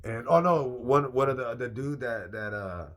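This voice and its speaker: A young man casually telling a personal story, animated and slangy, repeating phrases for emphasis. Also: medium pitch, normal speed. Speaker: vlogger.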